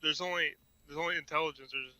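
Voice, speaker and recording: A man at a tabletop game with a very bright, crisp and fairly high voice, recorded dry. He describes what his character does in the third person and asks about the rules. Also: steady tone, fast, no echo, rough recording. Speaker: player.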